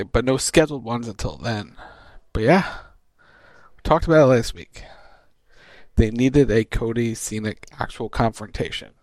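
A man co-hosting an internet radio show, briskly recapping events with small restarts. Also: mid-range voice, no room sound. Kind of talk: wrestling show recap chat.

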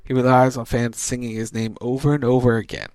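Man briskly recapping on a radio show. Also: medium pitch, level tone, darkish tone, no room sound. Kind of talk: wrestling show recap chat.

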